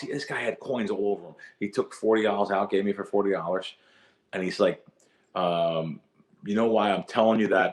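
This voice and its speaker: A middle-aged man telling his story as a guest in a podcast interview, animated and repeating words as he gets going. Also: lowish voice. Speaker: guest, sports bettor.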